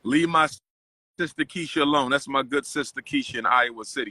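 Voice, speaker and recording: A man preaching emphatically, bright and forceful. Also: mid-range voice, fairly quick, no room sound. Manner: preacherly, emphatic, repeats phrases. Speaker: host. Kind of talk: casual street interviews and commentary.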